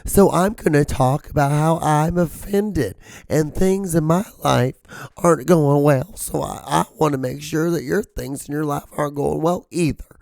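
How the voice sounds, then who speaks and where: Hoarse guy doing a high whiny offended reviewer, prissy and drawn out. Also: a little slow, darkish tone, dry recording. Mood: whiny indignant.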